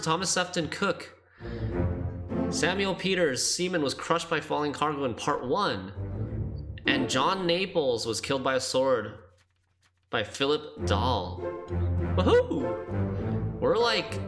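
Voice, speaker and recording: A man streaming a game, chatting casually and thinking aloud as he plays, often laughing. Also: medium pitch.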